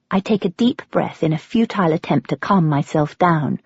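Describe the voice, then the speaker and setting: A woman with a British accent narrating a first-person audiobook, expressive and sometimes flustered in dialogue. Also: deep voice, a little fast, few pauses, slightly rough, dry recording, highs cut off. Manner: expressive, with breathless, flustered quoted speech.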